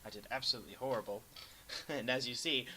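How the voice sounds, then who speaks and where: A young man casually commenting over a replay of a strategy game, rambling and self-deprecating, sometimes breaking into excited yelps. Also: mid-range voice, fast, a little hiss or hum, low-quality recording. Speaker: gameplay commentator.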